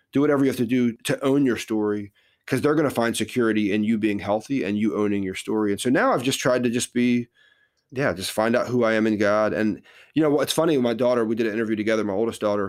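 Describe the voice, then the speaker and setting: A man's voice: on the low side, fast talker. A middle-aged man, a guest on a podcast interview, telling a personal story in an earnest, reflective way with lots of filler words.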